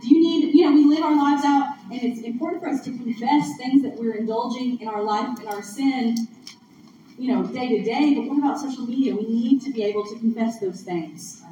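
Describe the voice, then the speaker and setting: A woman delivers a sermon in a conversational, earnest way, her voice a little high. The sound is picked up from across a big, echoing hall. The recording is muffled with steady background noise. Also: fairly quick. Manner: conversational, earnest, laughs along with audience. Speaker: speaker at a church gathering. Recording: distant echoey room mic, muffled, noisy.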